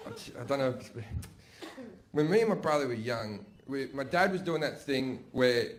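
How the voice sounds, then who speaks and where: A man's voice: medium pitch, noisy background. A middle-aged man doing a stand-up routine, profane and conversational, often asking "right?". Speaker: stand-up comedian.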